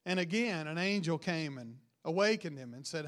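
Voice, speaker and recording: A man preaching a sermon, retelling a Bible story with rising emphasis and quiet, dropped line endings. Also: on the high side, lively intonation, normal speed, hardly any pauses.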